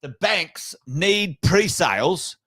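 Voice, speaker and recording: A man's voice: high voice, expressive, slow, pushed and bright, dry recording. An Australian man co-hosting a finance podcast, blunt and sweary, mocking officials in casual banter. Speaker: podcast co-host.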